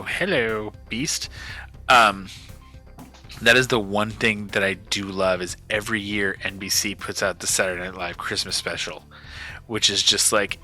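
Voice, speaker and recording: Bright-voiced joking podcast host, man. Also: on the low side. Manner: jokey, rambling, swears freely. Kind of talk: casual chat.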